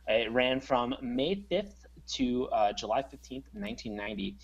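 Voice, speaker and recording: A man's voice: medium pitch, animated, normal speed, gravelly, breathy edge, lo-fi sound. A man co-hosting a podcast, talking casually and rambling with many fillers. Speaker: podcast co-host. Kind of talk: casual chat.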